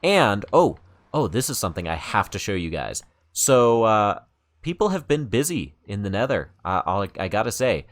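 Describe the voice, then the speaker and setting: A man hosting let's-play commentary, rambling with many fillers and growing excited at what he shows. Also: lowish voice, brisk, hardly any pauses. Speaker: gaming channel host.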